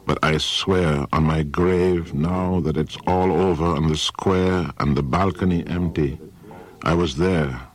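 Slow, deep-voiced man reading verse. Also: fairly even intonation, no echo. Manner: slow, measured delivery. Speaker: reader. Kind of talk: dramatic reading of a verse play.

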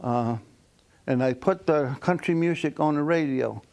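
A man from a Mohawk community tells stories in a loose, halting way, full of pauses and fillers. His voice sits a little high. He chuckles at his own punchlines. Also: gravelly, darkish tone. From Akwesasne Mohawk community. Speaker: storyteller. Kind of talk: casual spoken storytelling.

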